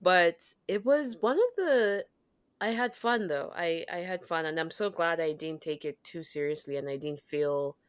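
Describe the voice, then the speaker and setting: Low-pitched woman telling stories animatedly. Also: normal speed, clear, resonant tone, dry recording, clean studio sound. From Kenya or Zambia. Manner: animated storytelling, acts out quoted exchanges. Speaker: podcast co-host. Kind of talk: casual chat.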